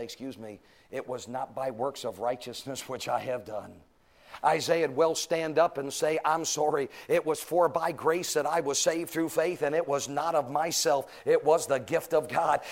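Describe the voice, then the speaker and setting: A man preaching a sermon, moving from low, quiet stretches up to loud, high, near-shouted climaxes.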